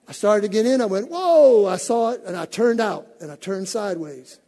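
Animated pastor preaching in an echoey hall. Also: male voice, sits high, a little fast. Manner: animated storytelling, acting out voices. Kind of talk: sermon. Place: church sanctuary.

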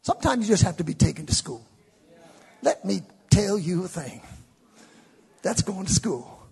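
High, gravelly man preaching in a reverberant hall. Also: expressive, moderate pace. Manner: swings from shouted peaks to low asides; conversational, playful with the congregation. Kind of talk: sermon. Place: church sanctuary with live congregation.

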